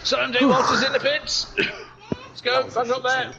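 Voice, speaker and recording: A man's voice: very high voice, fairly even intonation, measured pace, gravelly, highs cut off, a crowd in the background. Joking man commentating in a put-on North Welsh accent. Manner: joking, rambling asides. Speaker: race commentator. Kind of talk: playful live sim racing commentary.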